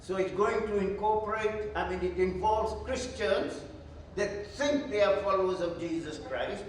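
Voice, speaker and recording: A man's voice: high-pitched, normal speed, distant mic, a little hiss or hum. A man, a pastor, leading a Bible study with emphatic teaching and questions he answers himself. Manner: emphatic, asks and answers his own questions. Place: church hall. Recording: very echoey church hall, from afar.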